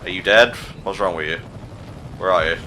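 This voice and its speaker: A man with a lowish yet bright voice, playing through a game while trading deadpan, sarcastic jokes. He swears casually, and faint game sound hums underneath. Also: fairly quick, a little hiss or hum. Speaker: player in a gameplay video. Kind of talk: casual gaming commentary.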